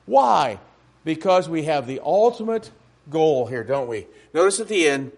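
A man's voice: a little high, animated, measured pace, a little mellow. A man pastor preaching a sermon in a church, talking to the congregation with frequent rhetorical questions.

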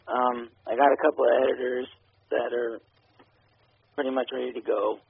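Gravelly husky man on a phone-like line. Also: medium pitch, little pitch movement, moderate pace, no echo. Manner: hesitant, many ums and you knows. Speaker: filmmaker guest. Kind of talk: casual interview talk. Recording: phone-like radio audio.

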